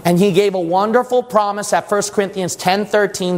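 A man's voice: high voice, fairly quick. A man preaching a sermon emphatically, often asking his congregation questions. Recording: long church reverb.

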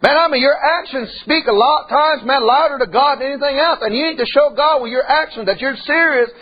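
A man's voice: extremely high pitch, brisk, highs cut off. A male pastor preaching a sermon in a folksy, conversational way, often dropping in "man" and "amen".

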